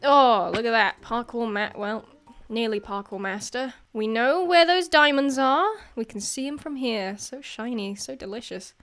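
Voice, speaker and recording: A woman's voice: a little high, moderate pace, a bit bright, faint music behind. A woman giving casual commentary over her own gameplay, chatty and self-deprecating, often laughing and yelping at scares. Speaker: gaming video creator.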